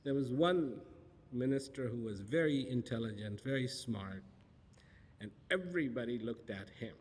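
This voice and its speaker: A man's voice: medium pitch, lively intonation, normal speed. A man giving a storytelling public talk, asking rhetorical questions and repeating phrases for emphasis. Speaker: spiritual speaker. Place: large auditorium. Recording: long reverb of a large hall.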